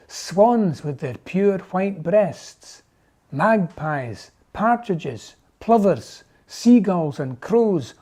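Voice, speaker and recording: Casting: unhurried storybook reader, dark and mellow tone. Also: medium pitch. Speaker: narrator. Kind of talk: storybook reading.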